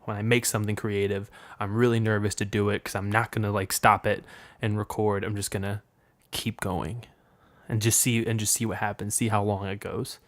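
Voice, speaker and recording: A man's voice: on the low side, level tone, normal speed, no echo. A young man hosting a solo podcast, rambling frankly and with profanity, and improvising poetry in a room with the window open. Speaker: podcast host.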